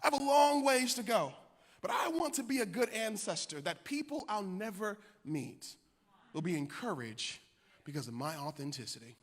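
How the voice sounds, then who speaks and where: A man in his thirties from Milwaukee preaching a sermon-style speech, animated and building to shouted, sung cadences. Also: sits high, moderate pace. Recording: reverberant hall.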